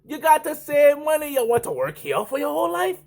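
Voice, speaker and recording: A man's voice: big pitch swings, a little fast, creaky, darkish tone, heavily acted. A man imitating an insistent older Caribbean coworker who keeps repeating his advice in a Caribbean accent. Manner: high, pushy, repeating advice.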